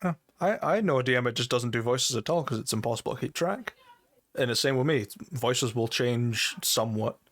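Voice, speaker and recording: A man with a Scottish accent, a game master chatting casually about running games, relaxed and self-deprecating, with casual swearing. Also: medium pitch, a little fast. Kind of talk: casual chat.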